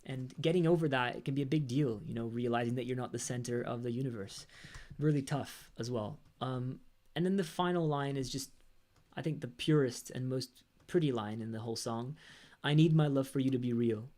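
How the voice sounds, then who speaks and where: A man's voice: medium pitch, fairly quick, darkish tone. A young man, a rock band's lead singer, casually chatting on a livestream, reflective and a little rambling as he talks through his lyrics and reads comments. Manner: reflective, rambling, with bursts of sung lines.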